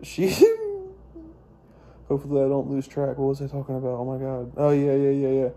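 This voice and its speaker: A young man with a very dark, mellow voice rambles through a personal story. He swears freely and keeps restarting his sentences as he talks. His pitch sits in a middling range for a man. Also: very animated, normal speed. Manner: profane, meandering, frequent restarts and fillers. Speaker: vlogger.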